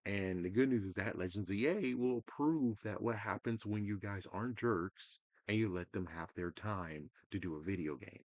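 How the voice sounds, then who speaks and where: With a lowish voice at normal speed and hardly any pauses, a man rants to camera about video games, the recording free of room sound. This gaming commentator is exasperated and swears, alternating between loud outbursts and mutters and occasionally mimicking people in a mocking voice.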